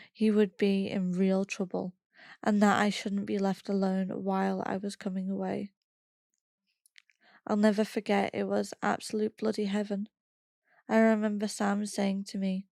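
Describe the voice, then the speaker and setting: A woman reading a first-person memoir aloud in a steady, plain storytelling manner. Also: medium pitch, a little slow, vocal fry, no room sound, clean studio sound. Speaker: podcast reader.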